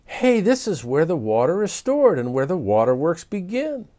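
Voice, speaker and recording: A man reading a storybook aloud, voicing an eager, excitable young schoolgirl. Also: on the high side, normal speed, pitched above the performer's own voice. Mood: excited. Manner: eager, exclaiming.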